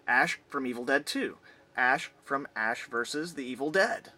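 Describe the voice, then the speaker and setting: A man's voice: medium pitch, lively intonation, unhurried, pushed and bright, a little hiss or hum. A man in a casual vlog, enthusiastically rambling as he rattles off items from his collection one after another.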